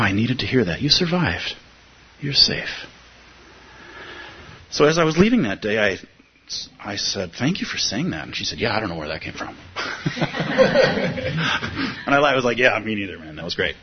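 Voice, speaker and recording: A man giving a reflective dharma talk as a Buddhist teacher, earnest, with pauses and fillers. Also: mid-range voice, slightly rough. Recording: dull lo-fi recording with faint hiss.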